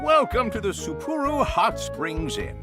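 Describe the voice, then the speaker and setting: A man's voice: high-pitched, huge pitch swings, unhurried, full character voice. An actor voicing a proud old male innkeeper in a video game, with an understated old-man voice. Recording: game audio under music.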